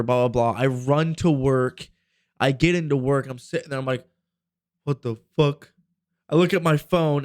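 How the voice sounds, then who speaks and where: In studio quality with no echo, a man in his twenties with a medium-pitched voice hosts a casual podcast. He tells a rambling, profane story.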